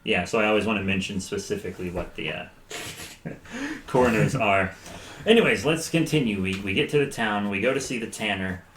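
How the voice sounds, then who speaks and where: A man recapping a tabletop session with friends in a relaxed, chatty way. He laughs often and slips into quick voices for the people he quotes. The room rings with echo under a faint hiss. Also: fairly low pitch. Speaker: podcast co-host and player. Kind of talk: casual recap chat. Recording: roomy echo with faint noise.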